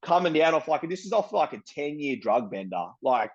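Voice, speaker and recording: A man's voice: on the high side, moderate pace, husky. Profane young Australian man, muffled sound. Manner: blunt and profane, street slang, animated retelling. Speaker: interviewee. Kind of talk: casual storytelling.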